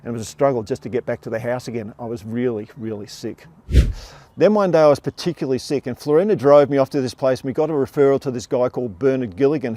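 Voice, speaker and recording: On a theatre stage in front of an audience, an older Australian man recounts his own life with wry, self-deprecating humour. His voice is mid-range and mellow, and the recording is dry.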